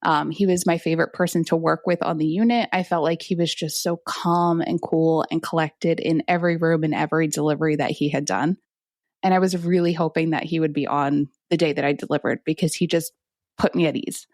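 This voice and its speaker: Low gravelly-voiced woman physician explaining. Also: brisk, no room sound, clean studio sound. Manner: calm, explanatory, clinical detail. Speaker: physician guest. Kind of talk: conversational interview.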